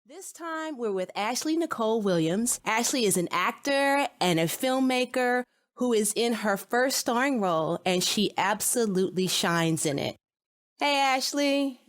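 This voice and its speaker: A woman hosting a podcast interview, upbeat and quick to laugh. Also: on the high side, lively intonation. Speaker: podcast host. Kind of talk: casual interview chat.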